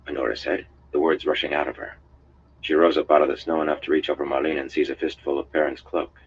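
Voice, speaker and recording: Very deep-voiced man reading a fantasy novel. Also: level tone, quick pace. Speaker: audiobook reader. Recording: dull lo-fi stream audio, faint hiss.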